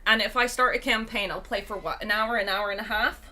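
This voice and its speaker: Woman streamer, bright tone, strained tired voice, chatty and rambling. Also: medium pitch, steady tone, a little fast. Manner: chatty, rambling, reads chat aloud. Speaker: game streamer. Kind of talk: casual live-stream chat.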